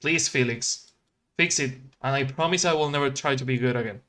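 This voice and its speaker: A streamer voicing a big, gruff brute in a game cutscene, talking low and glum. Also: fairly quick, bright, forceful tone, lightly acted. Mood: pleading. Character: big gruff remorseful brute, adult man.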